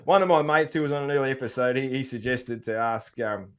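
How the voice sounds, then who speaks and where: A man's voice: mid-range voice, quick pace, fairly bright tone, clear, resonant tone. An Australian man hosting a casual podcast chat, laid-back, with many fillers and restarts. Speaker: podcast host.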